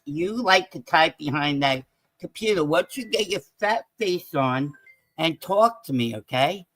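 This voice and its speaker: A man, a guest on a live-stream talk show, talking in an excitable way and calling out viewers in the chat. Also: fairly high pitch, unhurried, no echo. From New York. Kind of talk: casual live-stream banter.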